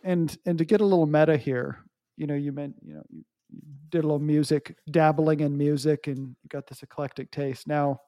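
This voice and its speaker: A man's voice: on the high side, fairly even intonation, brisk, mellow, no echo. Nasal-voiced man teasing in dry close sound. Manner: joking, teasing banter. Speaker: podcast co-host. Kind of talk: casual chat.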